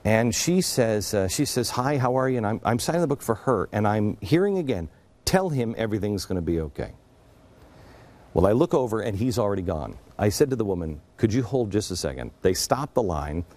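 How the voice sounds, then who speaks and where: A middle-aged man hosts a talk show and speaks in an earnest, confiding monologue. His voice sits low and warm, and his pitch rises and falls a lot as he tells a story, sometimes dropping to a near hush. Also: big pitch swings, fairly quick, few pauses. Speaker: radio and TV show host.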